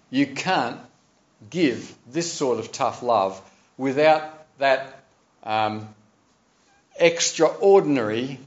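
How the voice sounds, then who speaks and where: A man delivers a sermon and then a slow prayer, earnest and emphatic, with the odd wry aside. His voice sits in a middle pitch range. The recording is dull and lo-fi. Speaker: preacher.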